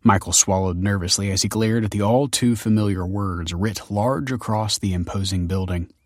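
A man narrating an audiobook chapter in a measured, even storytelling manner. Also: fairly low pitch, dry recording, studio quality. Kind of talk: scripted narration.

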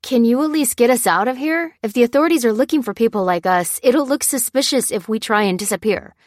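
A woman's voice: a little high, fairly quick, no room sound, studio quality, pitched above the performer's own voice, natural voice. A woman reading the lines of a frightened woman worker who pleads worriedly. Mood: anxious.

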